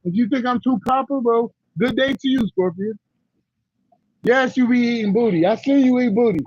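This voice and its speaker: A man's voice: very high-pitched, normal speed, a little mellow, dry recording, dull audio. A man chatting casually on a livestream to his viewers, blunt and rambling, with slang and laughing asides. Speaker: livestream host.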